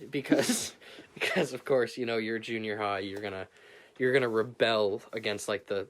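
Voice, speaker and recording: A young man, co-hosting a podcast and telling stories in casual chat, animated and swearing. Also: fairly low pitch, normal speed. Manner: animated storyteller, swears, laughs while telling. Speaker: podcast co-host.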